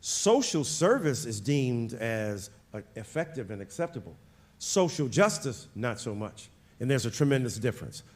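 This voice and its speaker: A man interviewing a guest on stage at an author event, animated and jokey, his voice jumping from loud bursts to quiet asides. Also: medium pitch, normal speed. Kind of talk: lively on-stage conversation.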